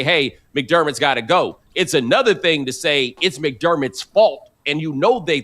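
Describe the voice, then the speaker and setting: A male sports commentator with a bright, sharp tone and a lively, rising and falling delivery. He reasons aloud conversationally in a sports debate. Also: mid-range voice.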